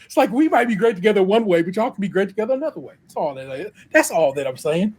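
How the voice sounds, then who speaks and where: A man's voice: high voice, big pitch swings, quick pace, darkish tone, slight background noise. A middle-aged man with an Ohio accent, co-hosting a podcast, telling a long story in casual chat. He laughs often and acts out what people said. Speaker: podcast co-host.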